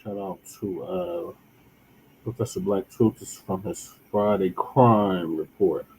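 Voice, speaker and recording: Male co-host, low dark voice, laid-back, faint background noise. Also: steady tone, slow, low-quality recording.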